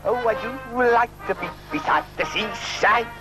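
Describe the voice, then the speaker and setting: A man's voice: sits high, expressive, measured pace, music in the background. A man voicing a cheeky male fox puppet who puns and laughs at his own jokes in a TV safety film. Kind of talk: 1990s TV public information film.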